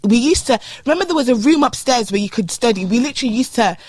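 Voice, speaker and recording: A young woman co-hosting a podcast, chatting casually in slangy, expressive talk and mimicking teachers. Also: a little high, quick pace, no room sound, studio quality. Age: young adult. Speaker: podcast co-host. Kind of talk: casual chat.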